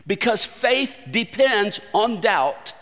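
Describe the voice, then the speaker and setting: A man preaching a sermon with emphatic delivery, swinging between loud stressed phrases and quiet low asides. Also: sing-song, takes it slowly, long reverb tail.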